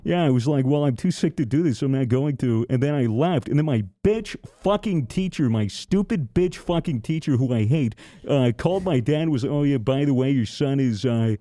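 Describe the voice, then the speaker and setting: A man's voice: mid-range voice, animated, brisk, few pauses, dark tone, no room sound, studio quality. A young man, a podcast host, telling a rambling, profane story in casual chat with lots of restarts.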